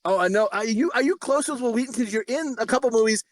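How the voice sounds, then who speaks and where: Male podcast host, high-pitched, crude and rowdy joker, dry close mic. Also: quick pace, no echo. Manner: crude, rowdy, swears constantly. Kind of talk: casual podcast chat.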